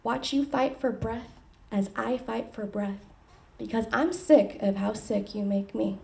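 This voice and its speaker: A woman at an open mic, bubbly and giggly as she chats, then reading her poem in a measured way. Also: a little high, creaky, a little mellow, slight background noise. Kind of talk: poetry reading after casual chat. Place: open mic at a poetry library. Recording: distant mic in a room.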